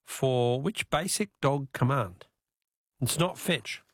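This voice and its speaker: An Australian man hosting a talkback radio quiz, chatty and quick to laugh, repeating his question to callers. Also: medium pitch, dry recording, studio quality. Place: radio studio. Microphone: studio mic.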